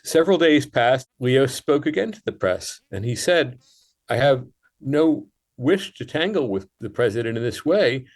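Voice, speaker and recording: A male guest on a radio program, talking in long, considered sentences. His tone stays measured and explanatory as he lays out his case, with an even pitch typical of a man his age. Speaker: guest writer. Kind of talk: radio interview.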